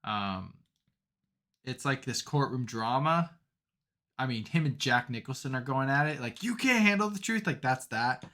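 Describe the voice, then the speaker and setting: A young man co-hosting a podcast, chatting casually and telling stories with lots of "like" and "um", animated as he gets into them. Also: medium pitch, measured pace. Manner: rambling, filler-heavy, animated storytelling. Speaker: podcast co-host. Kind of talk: casual chat.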